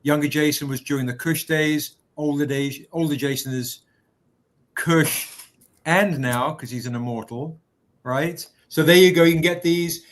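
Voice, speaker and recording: A man's voice: a little high, measured pace. A man hosting a live stream, chatting casually, greeting viewers by name and showing off merchandise. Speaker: livestream host. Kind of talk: casual livestream product pitch.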